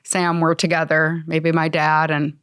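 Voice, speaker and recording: A woman's voice: low-pitched, monotone, a little slow, fairly bright tone, clear, resonant tone, no room sound, studio quality. A woman hosting a podcast, encouraging and affirming her guest in conversation. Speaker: podcast host.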